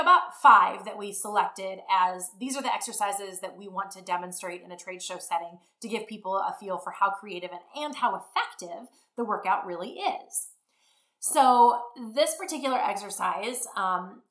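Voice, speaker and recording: A woman's voice: medium pitch, echoey room. A middle-aged woman telling a rambling story in a casual way and acting out what people said. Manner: rambling, animated, acts out quotes. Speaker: fitness business founder.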